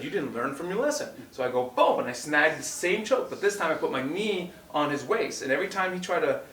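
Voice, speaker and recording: Brief: slightly high male voice, lively retelling, heard from a distance in a roomy space. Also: slight background noise. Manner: animated, acts out quotes loudly, many restarts. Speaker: martial arts instructor co-host. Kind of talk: casual storytelling chat. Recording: roomy echo, distant from mic.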